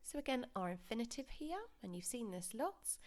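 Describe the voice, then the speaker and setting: A woman teaching a lesson over slides, explaining pronunciation patiently and modelling words slowly for repetition. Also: a little high, lively intonation, a little mellow. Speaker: Spanish teacher. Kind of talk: recorded classroom lesson.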